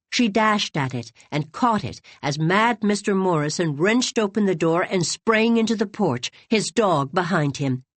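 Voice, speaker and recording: A woman reading a classic novel aloud with dramatic, expressive narration. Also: on the low side, no echo. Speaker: audiobook narrator. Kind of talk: scripted narration.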